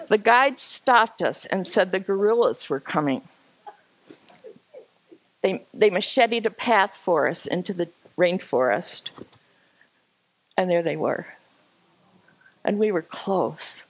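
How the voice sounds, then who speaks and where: A woman telling an animated, self-deprecating personal story at a church gathering, laughing often. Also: medium pitch, dry recording. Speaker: speaker sharing a personal story. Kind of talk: storytelling talk with slides.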